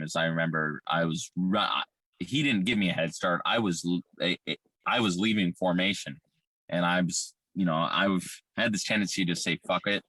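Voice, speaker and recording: A man recounting a painful childhood experience in candid, profane, halting personal testimony full of fillers. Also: low-pitched, bright, forceful tone, no room sound. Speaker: survivor telling his story.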